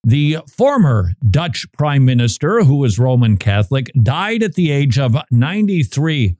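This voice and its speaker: Casting: male radio host, dark mellow voice, dry close studio sound, emphatic and repetitive. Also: mid-range voice, very animated, a little slow, no room sound. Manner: emphatic, repeats phrases, restarts mid-sentence. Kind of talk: talk radio monologue.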